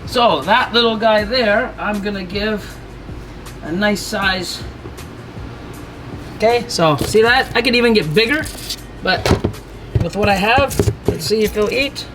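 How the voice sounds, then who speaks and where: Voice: mid-range voice, unhurried, pauses often, fairly bright tone, faint music behind. A ball python breeder giving a casual hands-on feeding demonstration, chatty and reassuring, with mock-panicked asides, indoors beside snake enclosures.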